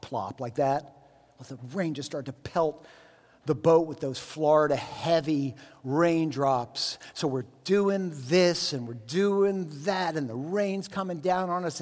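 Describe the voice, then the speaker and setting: A man preaching a sermon, telling stories in a lively way with jokey asides. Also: medium pitch, big-room sound. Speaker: pastor.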